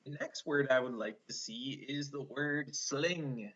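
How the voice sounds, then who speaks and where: A male teacher talks slowly and patiently, breaking words into sounds and praising his student. His voice is bright. The recording is dull and lo-fi. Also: medium pitch. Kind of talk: one-on-one spelling lesson.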